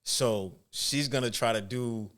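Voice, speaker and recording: A man's voice: medium pitch, unhurried. A man in his twenties, a football coach, talking casually and telling stories in slang on a podcast. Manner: loose, slangy storytelling, animated when imitating parents. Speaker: football coach and trainer, guest.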